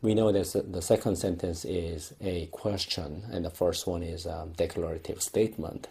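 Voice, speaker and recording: A young man giving a recorded lecture, explaining slowly with frequent pauses and restarts. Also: deep voice, fairly even intonation, gravelly, mellow, husky.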